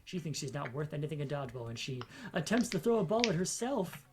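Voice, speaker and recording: A woman's voice: deep voice, sing-song, fast talker. A woman hosting a game stream, chatting casually and reading the game's events aloud.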